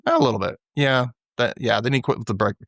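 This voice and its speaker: A man's voice: medium pitch, fast, creaky, a bit bright, no room sound, studio quality. A man hosting a podcast, casually recapping a TV episode and acting out the characters' lines in little voices. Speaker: podcast host.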